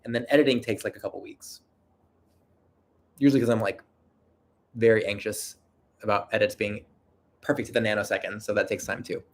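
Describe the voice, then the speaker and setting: A man's voice: lowish voice, fairly even intonation, a little fast, long pauses. Nasal man chatting on a livestream. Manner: self-deprecating, rambling, with frequent restarts and laughter. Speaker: video creator and livestream host. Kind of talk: casual livestream chat answering viewer questions.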